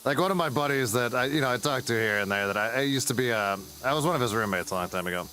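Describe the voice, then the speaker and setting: A man's voice: mid-range voice, animated, fast talker, pushed and bright. A man chatting casually while playing a game, rambling and swearing freely. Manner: rambling, profane, laughs at his own stories. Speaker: gaming streamer. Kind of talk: casual gameplay commentary.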